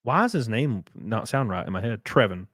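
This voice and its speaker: A man's voice: lowish voice, sing-song, a little fast, fairly bright tone, dry recording, clean studio sound. A young man from rural Alabama with a Southern accent, rambling through a casual livestream, reading chat, swearing and laughing often. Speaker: livestreamer and race car driver.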